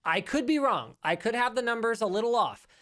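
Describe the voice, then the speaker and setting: Guy hosting a tech podcast, rambly and animated, keeps fixing what he just said. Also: very high voice, brisk. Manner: animated, rambling, self-correcting. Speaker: podcast host. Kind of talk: casual tech news chat. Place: studio.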